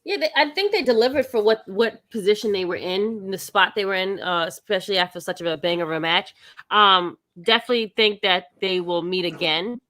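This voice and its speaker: A woman with a bright, sharp voice co-hosts a relaxed podcast chat. She talks expressively, tossing in exclamations and quick reactions. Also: medium pitch. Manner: animated, exclaims and laughs easily. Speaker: podcast co-host. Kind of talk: casual chat.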